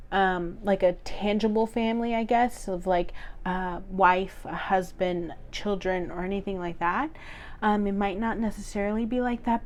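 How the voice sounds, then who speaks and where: A woman giving a tarot reading to her viewers, talking gently and earnestly with many fillers and repeated words. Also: mid-range voice. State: choked up, teary. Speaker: tarot reader. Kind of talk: solo tarot reading to camera.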